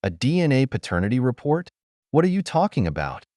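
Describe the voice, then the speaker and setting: A man's voice: medium pitch, fairly quick, dry recording, studio quality, voice pushed up. A man voicing an evasive, defensive brother-in-law. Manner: shouting, feigning calm.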